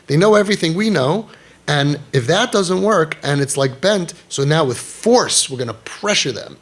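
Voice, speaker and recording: A man giving a passionate talk as a parenting crisis coach, animated and emphatic, mixing in Yiddish and Hebrew terms. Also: fairly high pitch, moderate pace.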